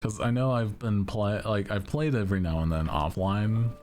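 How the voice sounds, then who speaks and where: A young man streaming, chatting casually with his viewers in a deep monotone, laid-back and giggly as he reads chat. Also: moderate pace, slight background noise.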